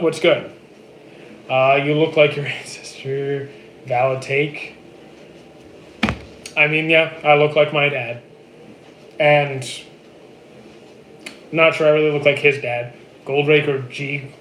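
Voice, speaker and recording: A man in his thirties from Canada, chatting casually on a live stream and answering viewer comments in a relaxed, dry way. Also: on the high side. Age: 30s. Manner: relaxed, dry, answers chat questions flatly. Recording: echoey room with faint noise.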